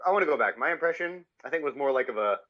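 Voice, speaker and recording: A man co-hosting a casual chat about cartoons, goofy and jokey, with quick apologetic asides. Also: a little high, expressive. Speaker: podcast co-host. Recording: dull lo-fi mic.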